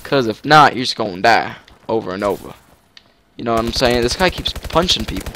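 A man giving casual gameplay commentary, excitable, with sudden shouts and yelps. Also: medium pitch, brisk, a little hiss or hum. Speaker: gaming commentator.

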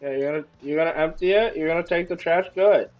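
A man giving excitable, joking commentary while playing a video game, often breaking into exclamations. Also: on the high side, quick pace, lo-fi sound, soft background music. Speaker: gaming YouTuber. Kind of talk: let's-play commentary.

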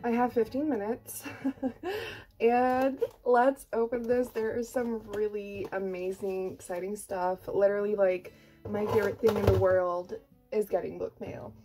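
A young woman in her twenties vlogging an unboxing, gushing and excitable, full of "like" and casual swearing. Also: mid-range voice, normal speed, faint music behind. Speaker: book vlogger and author.

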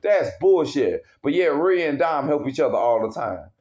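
A man's voice: a little high, lively intonation, fairly quick, darkish tone. A man angrily ranting as a wrestling fan, heavy with profanity and worked up. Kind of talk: casual rant. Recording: dull lo-fi recording.

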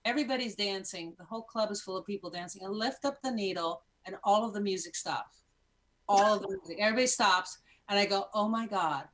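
A Cuban American woman in her fifties, a podcast guest in casual chat, telling animated stories with many restarts. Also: medium pitch, quick pace. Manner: animated storyteller with many restarts and acted-out moments.

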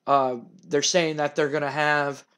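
A man's voice: on the high side, flat delivery, a little slow, a bit bright, clean tone. A young man narrating a game in a loose, rambling way. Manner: loose, rambling, recapping with fillers. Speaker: gaming narrator. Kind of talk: casual let's-play narration.

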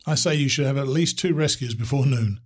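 A wry old hand of the trail , read aloud by a man, trading dry jokes over coffee. His voice is husky and rough-edged, his humor teasing and easy. It sounds like a storybook read aloud. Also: medium pitch, brisk, darkish tone, close to an everyday voice. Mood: wry, joking. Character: wry, easygoing male trail veteran joking over coffee.

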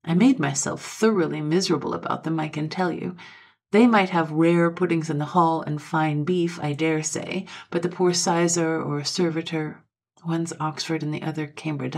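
A woman with a low, husky voice reads an old Victorian ghost story aloud. Her telling is measured and steady, lifting gently to stress a phrase now and then. The voice stays breathy and deep throughout. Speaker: audiobook narrator.

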